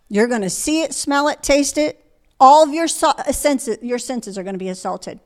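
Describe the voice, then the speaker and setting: A middle-aged woman delivers a sermon from the pulpit. Her voice sits high, and she presses her listeners with one rhetorical question after another. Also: lively intonation, moderate pace. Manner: emphatic, rhetorical questions to the congregation. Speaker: guest preacher.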